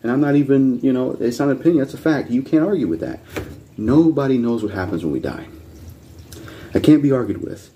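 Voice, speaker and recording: A man's voice: medium pitch, lively intonation, fairly quick, lo-fi sound, a little hiss or hum. A man hosting a reaction video, ranting bluntly with heavy swearing and repeating his points insistently. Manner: blunt, profane and combative. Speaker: channel host reacting to videos.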